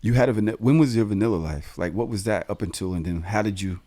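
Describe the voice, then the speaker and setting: A man hosting a podcast, talking in lively, joking banter. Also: lowish voice, quick pace. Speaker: podcast host. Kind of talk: casual chat.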